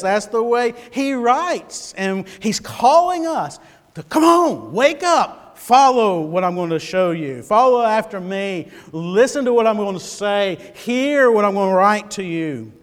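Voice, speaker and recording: A man delivers a sermon in a notably high voice, reading scripture and then telling a lively, dramatic story. He often repeats his words as he goes. Long reverb from the hall trails every phrase. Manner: animated, dramatic storytelling with sudden loud bursts; halting repetitions. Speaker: pastor.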